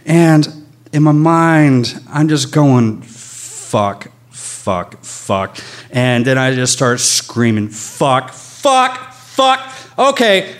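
A man telling a personal story on stage before an audience, in a candid, animated way with a lot of swearing. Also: medium pitch.

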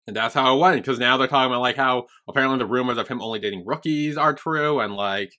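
A young man on a podcast, chatting casually through an episode recap. His voice is bright and forward, with a middling pitch. He rambles, swears a lot, and slips into the characters' lines as he goes. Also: quick pace. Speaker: podcast co-host.

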